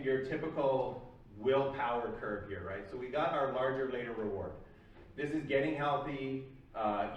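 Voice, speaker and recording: A man's voice: medium pitch, lo-fi sound, slight background noise. A man giving a recorded psychology lecture, explaining loosely with many fillers. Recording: very echoey room, mic at a distance.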